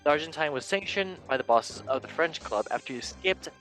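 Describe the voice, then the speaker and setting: A man's voice: fairly high pitch, expressive, a little fast, a bit bright, faint music behind. A man hosting a football news show in a casual, rambling, joking way with self-mocking asides. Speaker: show host.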